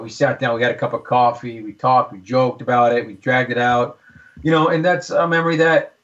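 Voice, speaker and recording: A man's voice: medium pitch, fairly bright tone. A middle-aged man, a guest on a hunting podcast, telling stories with enthusiasm and many restarts. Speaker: guest, hunter. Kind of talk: casual storytelling. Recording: dull lo-fi sound.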